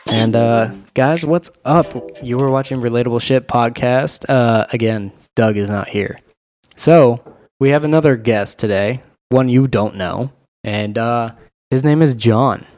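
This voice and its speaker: A man's voice: mid-range voice, a little slow, darkish tone. Joking, swearing male podcast host. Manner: joking, profane, hyping the guest. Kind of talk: casual podcast chat.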